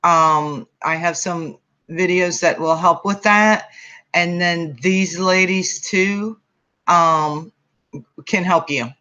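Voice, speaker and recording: A woman's voice: lowish voice, takes it slowly, pushed and bright, lo-fi sound. A woman hosting a casual craft livestream, chatting with viewers in a rambling way with many ums and restarts. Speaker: craft channel host.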